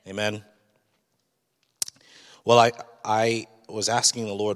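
A man's voice: lowish voice, level tone, takes it slowly, long pauses, fairly bright tone, big-room sound. A man preaching a sermon as a pastor, speaking in a candid, conversational and personal way.

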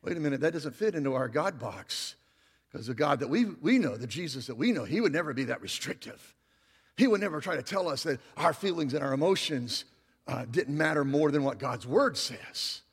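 A male pastor preaching a sermon, swinging between loud, emphatic passages and quiet, slow emphasis. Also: a little high, animated, slightly rough, in a large hall.

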